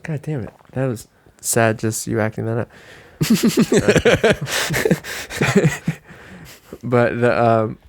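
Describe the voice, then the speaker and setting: Animated young man in casual podcast chat. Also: very slow, long pauses. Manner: animated storytelling, acts out quotes with big pitch jumps. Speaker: podcast co-host.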